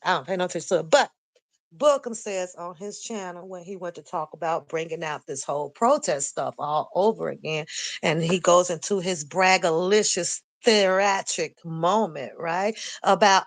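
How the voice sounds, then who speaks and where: A woman's voice: fairly low pitch, normal speed, dry recording. An older woman hosting a casual live stream, ranting bluntly and profanely with lots of animation. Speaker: commentary channel host.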